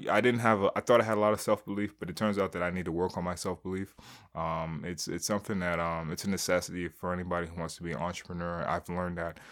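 A young man with a deep, low-pitched voice talks casually about his week. He rambles, stops and restarts often, and fills the gaps with "um" and "like". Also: a bit bright. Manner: rambling, many fillers and restarts. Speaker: aspiring entrepreneur vlogger. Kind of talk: casual spoken diary.

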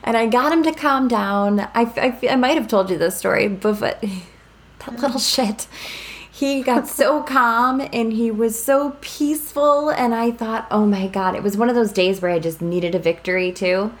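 Lively laughing mom telling stories. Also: female voice, moderate pace. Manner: lively, laughing, swings up high when animated. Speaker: podcast co-host, parent. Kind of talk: casual chat, storytelling.

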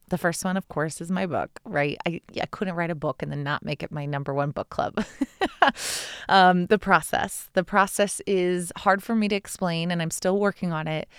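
A woman's voice: fairly low pitch, smooth, dry recording, clean studio sound. A woman in her thirties hosting a solo podcast, talking in an enthusiastic, heartfelt, rambling way. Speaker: podcast host. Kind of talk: casual solo podcast talk.

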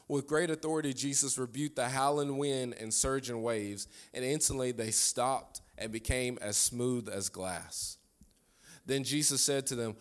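A man's voice: medium pitch, normal speed. Fervent preaching man, lots of repetition. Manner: fervent call-and-response preaching, repeats phrases. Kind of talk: sermon.

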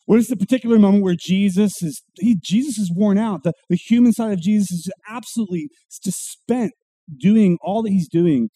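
A man preaching a sermon, acting out quotes with dramatic pauses and a wide swing from loud to hushed. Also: high voice, slightly rough, dry recording. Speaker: pastor.

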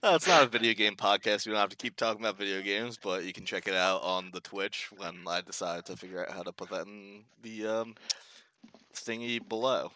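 A man's voice: lowish voice, fairly quick, sharp tone, dry recording. A young man hosting a casual podcast, swearing often and laughing a lot. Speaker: podcast host.

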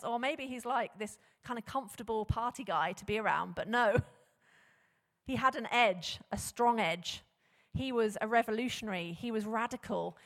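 A woman preaching a sermon, animated and conversational, often posing rhetorical questions to the congregation. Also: fairly high pitch. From England. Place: church hall. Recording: long hall reverb.

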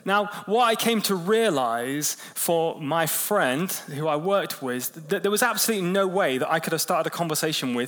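A man preaching a sermon in a relaxed, conversational way, telling stories and quickening and slowing his pace. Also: a little high. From England. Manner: conversational preaching with storytelling, lively shifts in pace. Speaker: pastor.

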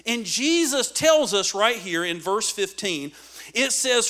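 A man preaching a sermon with dynamic swings between loud emphatic lines and hushed asides. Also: sits high, very animated, takes it slowly. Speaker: pastor.

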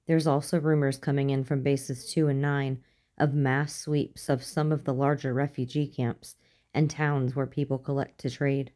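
Stern male general, authoritative, measured, read by a woman. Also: extremely low pitch, level tone, dark tone. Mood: grave.

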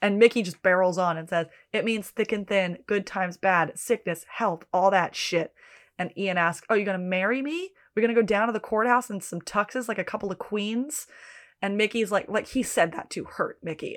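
A woman's voice: mid-range voice, moderate pace. A woman co-hosting a podcast, talking casually through a TV episode. She reads scene dialogue aloud and swears freely as she goes. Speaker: podcast co-host. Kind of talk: casual chat recapping a TV episode.

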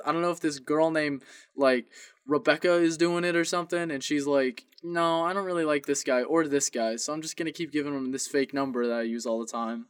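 Young male podcast co-host, animated storyteller who acts out both ends of each call. Slightly high voice, dry close sound. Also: clear, resonant tone, dry recording. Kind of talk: casual storytelling.

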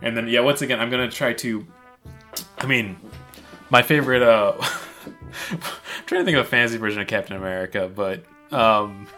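A man playing a tabletop game, talking in a halting, hesitant way. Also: mid-range voice, sharp tone, faint music behind. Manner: halting, hesitant, laughs at himself. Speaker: player. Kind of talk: casual game chat.

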